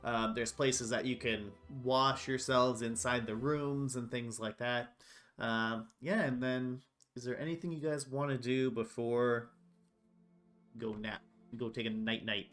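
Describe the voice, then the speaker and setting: A man's voice: medium pitch, fairly even intonation, measured pace, a bit bright, faint music behind. Casual man narrating as game master. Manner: casual, filler-heavy descriptive narration.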